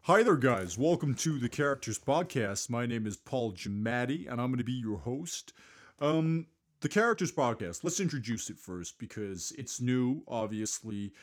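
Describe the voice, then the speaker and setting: A man hosting a comedy podcast, rambling and scatterbrained, with frequent self-mocking asides. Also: medium pitch. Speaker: host. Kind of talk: improvised comedy monologue.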